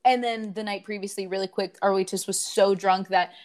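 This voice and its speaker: A woman's voice: medium pitch, steady tone, fairly quick. A woman in her twenties telling a story in casual chat with friends, acting out what people said with big swings in her voice. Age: 20s.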